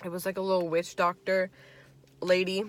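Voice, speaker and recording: A woman's voice: fairly low pitch, completely flat delivery, moderate pace. A woman in her twenties telling a casual storytime while eating, chatty and profane, acting out her friends' lines. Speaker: vlogger.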